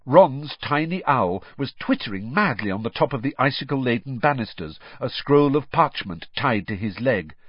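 A man reading a novel aloud as an audiobook narrator in an expressive storytelling manner. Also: medium pitch, moderate pace, few pauses, breathy edge, no room sound. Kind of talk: scripted narration. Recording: dry, slightly muffled.

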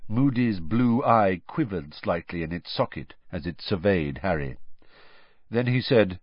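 A man narrating a story audiobook in an expressive reading that switches between characters. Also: low voice, unhurried, no room sound, lo-fi sound. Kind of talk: scripted narration.

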